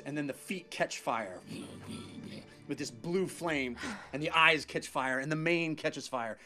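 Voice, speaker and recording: A man narrating a tabletop game as its game master, his voice bright and forward, with middling pitch. He paints scenes in vivid detail, often restarting phrases as he builds the picture.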